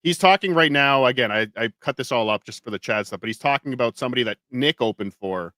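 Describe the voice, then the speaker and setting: Bright-voiced male podcast host. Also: mid-range voice, expressive, quick pace, dry recording, studio quality. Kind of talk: casual reaction chat.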